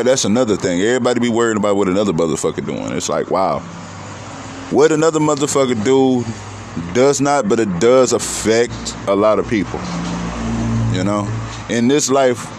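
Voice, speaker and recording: A man's voice: on the low side, a little mellow, slight background noise. A man talking in a casual, profane, rambling monologue, preaching his views.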